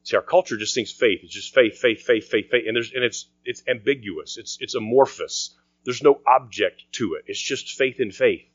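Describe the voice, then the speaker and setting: Pastor guy giving a sermon, earnest, goes quiet to make a point, dry muffled audio. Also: mid-range voice, moderate pace, few pauses, dry recording. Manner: earnest preaching, dropping to quiet for emphasis. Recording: dry, dull lo-fi sound.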